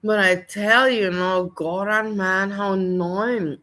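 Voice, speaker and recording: A woman chatting casually with a bright, sharp voice. She gossips with open scorn and complains about people she finds annoying. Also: medium pitch, steady tone, slow. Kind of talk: casual chat.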